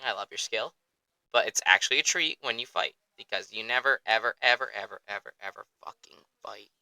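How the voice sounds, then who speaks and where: A young man hosting a sports podcast in an excitable, rambling, profane way, close to the mic. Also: medium pitch, smooth, dry recording, poor audio. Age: young adult. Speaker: podcast host. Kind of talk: casual chat.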